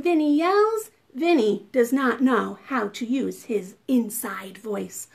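At preschool storytime, a woman children's librarian reads and chants rhymes in an animated, sing-song way. Her voice is on the high side with vocal fry, and she goes a little slow with hardly any pauses.

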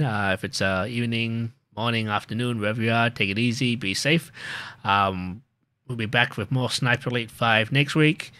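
Relaxed man rambling through a stream sign-off. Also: mid-range voice, dry recording. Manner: rambling, with many fillers and restarts. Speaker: gaming streamer. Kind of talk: casual end-of-stream chat.

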